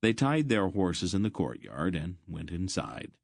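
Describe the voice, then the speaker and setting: A man narrating an audiobook in a measured storytelling manner. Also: sits low, very animated, vocal fry, no echo, clean studio sound.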